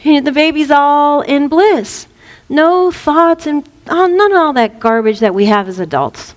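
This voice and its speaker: A woman's voice: high voice, a little slow, in a large hall. A woman, a reverend, giving an informal spiritual talk, telling stories and acting out quotes playfully. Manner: animated storytelling with playful acted-out quotes.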